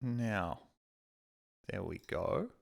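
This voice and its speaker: A low-pitched man talks casually to his stream chat from home. He rambles, swears freely and pokes fun at himself, speaking into a desk mic. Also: animated, very slow, vocal fry. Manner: rambling, sweary, self-deprecating.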